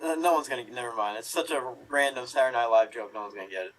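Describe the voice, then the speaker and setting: A man's voice: mid-range voice, lively intonation, rapid-fire, a bit bright. A man performing in an improv show, casual and a little self-deprecating as he tells his joke. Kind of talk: telling a quick pun joke. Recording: distant mic with faint noise.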